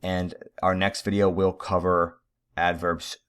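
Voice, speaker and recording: Very low-voiced man teaching grammar. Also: flat delivery, a little slow, a bit bright, clean tone. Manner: casual, talks to students directly, jokes at own typos. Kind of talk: recorded grammar lesson over slides.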